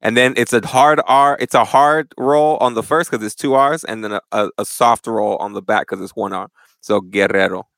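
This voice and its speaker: A young man chatting casually as a guest in a church interview, animated and full of slang. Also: mid-range voice, normal speed, few pauses, no room sound. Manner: animated, slangy, says "bro" a lot. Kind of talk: casual chat.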